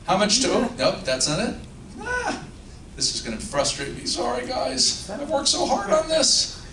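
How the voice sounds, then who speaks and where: A man's voice: very high voice, huge pitch swings, moderate pace, a crowd in the background. A man giving a live legal talk to an audience, joking and self-deprecating as he asks them questions. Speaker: legal counsel speaking at a luncheon. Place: luncheon function room. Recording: roomy, distant mic, background noise.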